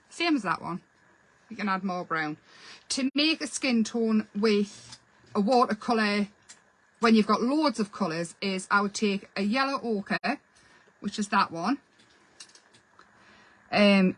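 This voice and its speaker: A woman's voice: mid-range voice, fairly bright tone, rough recording. A woman hosting a casual painting tutorial, chatty and self-deprecating as she explains while she works. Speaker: craft channel host.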